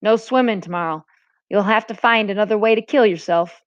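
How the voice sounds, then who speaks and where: A woman's voice: mid-range voice, brisk, no echo, close to an everyday voice. A woman reading aloud and voicing a sarcastic, exasperated teenage boy in a storybook, over a dull lo-fi recording. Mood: teasing. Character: sharp-tongued teenage boy.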